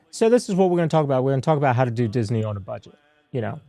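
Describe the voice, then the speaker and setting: A man co-hosting a casual podcast, easygoing and quick to laugh as he walks through a list of topics. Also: medium pitch, big pitch swings, dark tone, no room sound. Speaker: podcast co-host.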